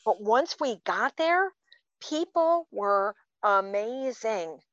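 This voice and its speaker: A woman's voice: on the high side, sing-song, slow, fairly bright tone, dry recording. A woman in her fifties co-hosting a podcast, telling stories in a casual, chatty way with plenty of fillers. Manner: chatty storyteller, many fillers. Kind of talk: casual chat. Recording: dull, dry sound.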